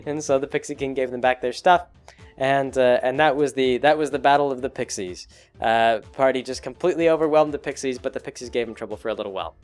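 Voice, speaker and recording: A man's voice: medium pitch, fast, darkish tone, soft background music. A man casually recounting a tabletop campaign he ran as game master, rambling with many fillers. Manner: rambling, full of fillers and restarts. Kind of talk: casual chat.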